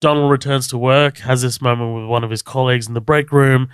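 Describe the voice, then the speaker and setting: A man's voice: medium pitch, steady tone, a little fast, clear, resonant tone, no echo, studio quality. A man co-hosting a podcast, casually recapping a TV episode, laid-back, swearing freely and laughing often. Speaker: podcast co-host.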